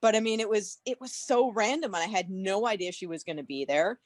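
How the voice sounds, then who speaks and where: A woman in her forties tells an animated story over a video call, sprinkling in swear words as she goes. Her voice sounds dry and close, with no room around it. Her pitch sits right in the middle for a woman. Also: a little fast, dry recording. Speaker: guest at a podcast meet-up. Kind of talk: casual chat.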